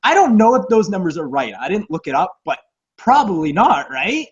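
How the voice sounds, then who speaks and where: A man's voice: high voice, normal speed, breathy edge, muffled recording. A man co-hosting a casual movie podcast, laughing often and swearing as he riffs on films. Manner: animated, laughing, swears, does mocking quoted voices. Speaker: podcast co-host. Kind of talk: casual chat about movies.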